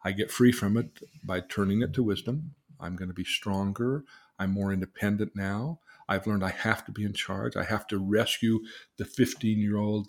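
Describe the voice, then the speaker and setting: A man, a therapist, telling a client's story in casual conversation and acting out the quoted lines. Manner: animated, acts out quoted dialogue with rising pitch. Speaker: therapist, podcast host.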